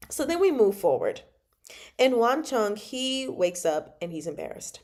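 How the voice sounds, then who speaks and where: A woman hosting a casual livestream book chat, animated and exasperated, laughing often and talking back to the characters. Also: a little high, slow. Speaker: book club host.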